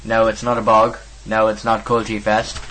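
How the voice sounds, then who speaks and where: A man's voice: on the low side, completely flat delivery, moderate pace, noisy background. A teenage man with an Irish accent from Meath, co-hosting a casual bedroom podcast in a laid-back, filler-heavy way. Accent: Irish, from County Meath. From Ireland. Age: teens. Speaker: co-host. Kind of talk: casual amateur podcast chat. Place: home bedroom studio.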